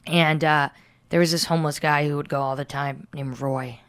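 A woman's voice: low voice, fairly even intonation, normal speed. A young woman, a comedian, telling stories in a casual chat and laughing often. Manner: storytelling, laughs often, many likes. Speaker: comedian guest.

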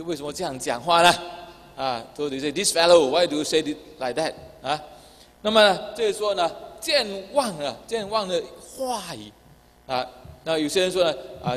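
A man preaching a bilingual sermon, speaking Chinese and then restating each point in English with a Chinese accent, filling pauses with "ah". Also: on the high side, a bit bright. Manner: repeats each point in English after Chinese, many filler "ah" sounds. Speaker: pastor. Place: church hall. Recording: long hall reverb.

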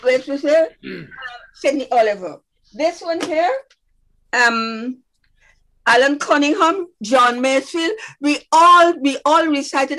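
Older woman guest, lively and playful storyteller, a touch high-pitched. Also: slow pace, long pauses, rough recording. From Guyana. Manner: lively, playful, rhythmic recounting. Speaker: guest speaker. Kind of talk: casual reminiscing.

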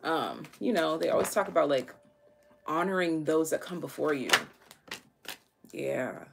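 A woman's voice: deep voice, expressive, measured pace, vocal fry, background noise. Chatty slangy woman reading tarot. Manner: chatty, slangy, thinks aloud with many fillers. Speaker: tarot reader.

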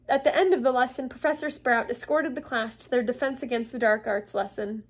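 A woman, a teacher, reading a novel aloud to her class in a lively, expressive way. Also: on the high side.

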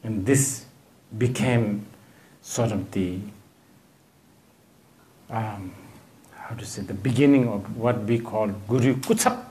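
A man giving a dharma talk as a Buddhist teacher. He rambles, hunts for words, and fills the gaps with "you know," with gently humorous asides. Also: lowish voice, takes it slowly, pauses often. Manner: digressive, searching for words, frequent "you know".

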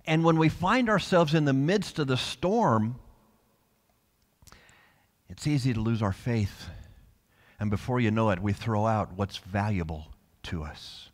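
A male pastor preaching a sermon with passion, dropping to soft tones and then rising to loud calls. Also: mid-range voice, expressive, measured pace, pauses often, in a large hall. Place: church sanctuary.

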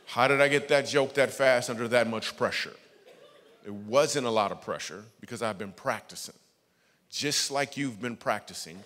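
A man delivering a comedic sermon to a church crowd, his voice bouncing between lively punchlines and quiet, earnest reflection. The sound carries a long reverb from a large church auditorium. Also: mid-range voice, normal speed. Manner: animated jokey delivery, switching to hushed earnest tones. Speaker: guest speaker and comedian. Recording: long reverb from a big hall.

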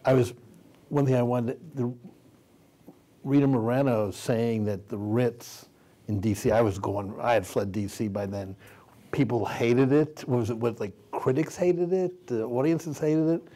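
A man's voice: medium pitch, unhurried, warm tone. A man in his sixties moderating an onstage Q&A, asking rambling questions full of restarts and fillers. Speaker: panel moderator. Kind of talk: onstage Q&A conversation. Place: theater stage before an audience.

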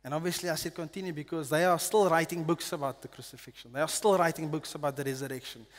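A man from South Africa preaches and reads scripture with earnest feeling, sinking to a near hush on the heaviest lines. His voice sits a little high and carries the long ring of a church hall. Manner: earnest, slows and drops to a hush on solemn lines. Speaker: pastor. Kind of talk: sermon with scripture reading.

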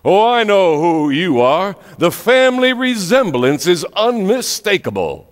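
Guy putting on a big booming country preacher, slow and loud, echoing around a church hall. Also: huge pitch swings, exaggerated voice. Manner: loud, slow, commanding pronouncements. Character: booming, big-voiced small-town male preacher. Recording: echoey church hall with long reverb.

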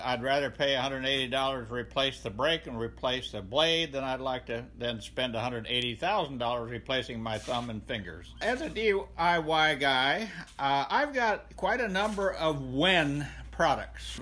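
An older man with a Southern accent giving a rambling, folksy tour of his home garage workshop, pausing often with "uh". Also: mid-range voice, sharp tone, a little hiss or hum. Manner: rambling, folksy, many "uh" pauses. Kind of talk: casual tool tour.

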